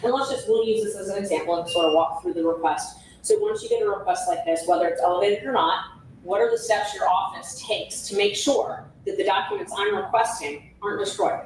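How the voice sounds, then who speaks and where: A woman's voice: mid-range voice, brisk. A woman questioning a witness in court, persistent and rephrasing her questions. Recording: echoey room audio from far off, faint hiss.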